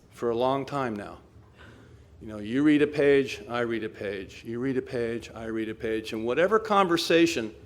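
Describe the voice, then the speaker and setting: A middle-aged man speaking at a recovery meeting, telling his own story with candid, self-mocking humor and frequent chuckles. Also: medium pitch.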